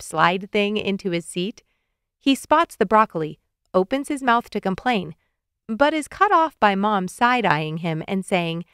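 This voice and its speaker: A woman narrating a children's audiobook in the first person of a young boy, reading clearly and expressively. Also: medium pitch, no echo, clean studio sound.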